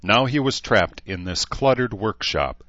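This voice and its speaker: A man reading an audiobook in a measured, even narration. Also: fairly low pitch, no echo, lo-fi sound. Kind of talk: scripted narration.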